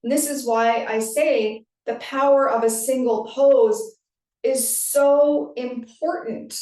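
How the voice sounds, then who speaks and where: A woman's voice: fairly high pitch, steady tone, measured pace, a little mellow. A woman yoga teacher hosting a podcast, talking casually and often checking in with "right?". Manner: conversational, frequent "right?" and "like". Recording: very echoey room, distant from mic.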